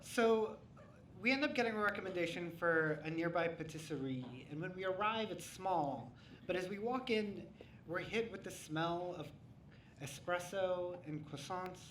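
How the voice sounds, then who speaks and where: A man telling a true story on a live stage, wry and animated with comic timing. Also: high voice. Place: theater stage before a live audience. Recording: roomy hall, mic at a distance, faint hum.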